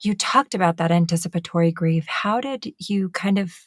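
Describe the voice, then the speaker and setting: A woman co-hosting a podcast interview, asking questions in a gentle, empathetic way. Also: on the low side, moderate pace, dry recording, studio quality. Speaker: podcast co-host.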